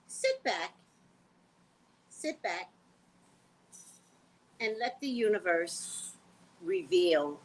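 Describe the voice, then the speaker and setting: A woman's voice: deep voice, a little hiss or hum. A woman psychic hosting her own vlog, rambling bluntly and casually. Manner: animated, blunt, sings and repeats phrases.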